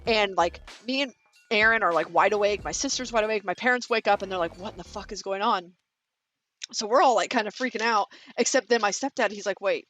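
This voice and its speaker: A fast-talking woman with a medium-pitched, slightly bright voice, a vlogger in her thirties from Kansas, chats with her viewers while building. Faint music sits behind her as she rambles through a long story, heavy on fillers and casual swearing.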